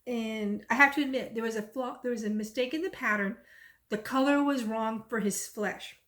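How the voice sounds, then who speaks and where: Chatty woman with a higher voice. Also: normal speed. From Texas. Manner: chatty, rambling, lively when retelling stories. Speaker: cross stitch vlogger. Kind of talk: casual chat and storytelling.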